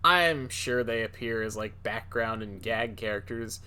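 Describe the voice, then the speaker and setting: Bright-voiced rambling male podcaster. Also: lowish voice, unhurried, smooth. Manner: rambling, many fillers and restarts. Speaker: podcast co-host. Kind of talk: casual chat.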